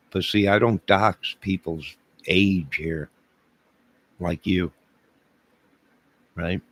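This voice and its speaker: Low voiced guy on a livestream, slow talker, fake-offended joking at his chat. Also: gravelly, dry recording. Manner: mock-indignant joking, talking back to chat.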